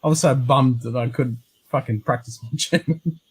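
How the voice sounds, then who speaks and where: Australian male host, middle pitch, blunt and sweary, easy storyteller. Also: moderate pace, breathy edge. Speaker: host of a whisky show. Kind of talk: casual chat on a live stream.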